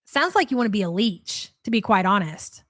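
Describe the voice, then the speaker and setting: A woman's voice: mid-range voice, sing-song, a little fast, fairly bright tone, no echo, studio quality. A woman hosting a live reaction stream, blunt and sarcastic, swearing freely.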